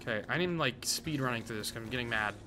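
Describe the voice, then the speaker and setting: A man giving casual, excitable gameplay commentary full of gamer slang. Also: mid-range voice, quick pace, music in the background. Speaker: gaming content creator.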